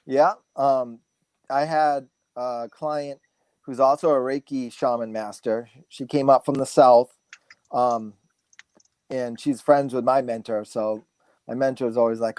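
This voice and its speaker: A man in his forties, a guest speaker, telling stories in a relaxed, rambling way full of fillers and restarts. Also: mid-range voice, unhurried, smooth, no echo. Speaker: guest speaker, massage therapist. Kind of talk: casual storytelling interview.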